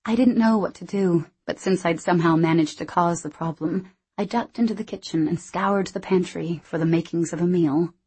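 A woman reading a first-person novel aloud as audiobook narrator, in a measured, expressive way. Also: lowish voice, slightly rough.

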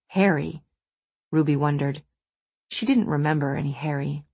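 A woman reads a novel aloud in a low, slightly husky voice with a measured, even delivery. The recording is close and dry, with no room sound at all. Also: dry recording. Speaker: audiobook narrator. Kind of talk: scripted narration.

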